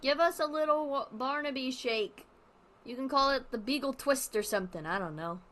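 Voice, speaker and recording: A woman's voice: high-pitched, moderate pace, fairly bright tone. A young woman streamer chatting casually with her viewers and reading aloud, chatty and self-deprecating.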